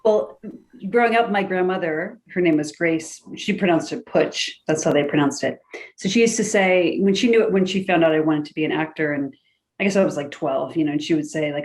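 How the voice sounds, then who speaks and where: A woman actor telling a long story on a video call, chatty and animated, acting out what people said. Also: deep voice, a little fast. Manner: animated, chatty storyteller who acts out quotes.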